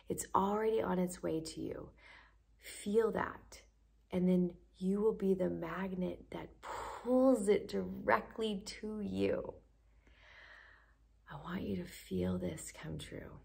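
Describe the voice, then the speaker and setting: A woman coaching listeners through a guided breathing practice, with gushing, excited encouragement and frequent drops into a breathy whisper. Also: fairly low pitch, slow pace. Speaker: manifestation coach.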